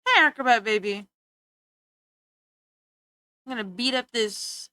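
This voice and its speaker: A woman's voice: a little high, measured pace, sharp tone, clear, resonant tone, no echo, clean studio sound. A young woman streamer chatting playfully with her viewers, teasing and giggling as she talks. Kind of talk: casual chat with stream viewers.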